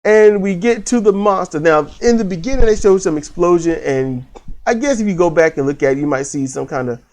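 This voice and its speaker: A man's voice: high-pitched, expressive, brisk, a little mellow. A man giving a casual, rambling movie review, full of restarts and fillers and the odd swear word.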